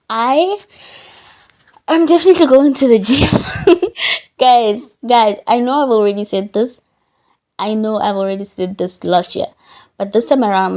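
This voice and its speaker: A woman's voice: medium pitch, gravelly, mellow. A young woman hosts her own podcast, talking casually and candidly from her bed while chewing gum. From South Africa. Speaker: podcast host. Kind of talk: casual reflective monologue. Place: lying on a bed at home.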